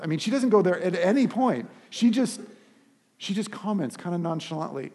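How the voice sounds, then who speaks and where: Husky-voiced male preacher. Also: high voice, normal speed. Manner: animated storytelling with frequent restarts. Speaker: pastor. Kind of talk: sermon.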